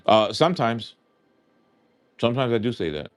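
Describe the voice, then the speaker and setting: Hosting a live stream while scratching lottery tickets, a man chats casually and earnestly, rambling and heartfelt with lots of fillers. His voice is fairly low and a little slow, pausing often, with no echo.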